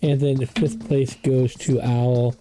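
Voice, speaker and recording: An esports caster doing play-by-play commentary, chatty and excitable, with the voice jumping up on every knockdown. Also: slow, rough recording. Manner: excitable, pitch jumps on knockdowns; chatty asides about the broadcast controls.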